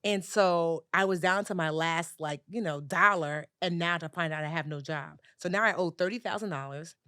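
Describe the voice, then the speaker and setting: A woman in her forties telling a personal story as a guest in an interview, animated and acting out other people's voices. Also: fairly low pitch, normal speed, clean tone, no echo, studio quality. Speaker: guest, personal finance educator.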